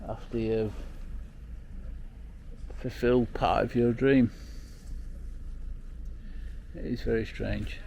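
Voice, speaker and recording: A man records a casual travel vlog outdoors on a handheld camera. He talks slowly in a gravelly voice, rambling and emotional and swearing now and then. Faint background noise sits under his voice. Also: mid-range voice, level tone, dark tone. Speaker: overland travel vlogger. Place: outdoors at the end of a road.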